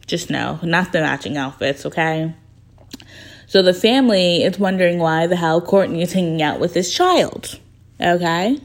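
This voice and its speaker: A woman's voice: on the low side, expressive, moderate pace. A woman hosting a podcast in casual chat, gossipy and chatty, with lots of filler words. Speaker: podcast host.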